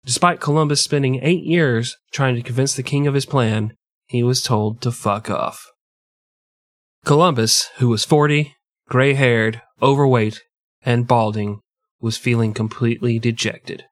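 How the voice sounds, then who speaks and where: A man's voice: medium pitch, fairly even intonation, a little slow, no echo. A man co-hosting a podcast, telling history as crude, joking comedy and putting on mock voices. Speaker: podcast co-host.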